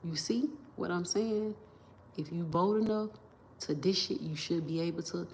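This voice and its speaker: A woman's voice: fairly low pitch, moderate pace, darkish tone, slight background noise. A woman on a livestream, talking in a rambling, emphatic and profane way, restarting sentences and repeating herself into a phone camera.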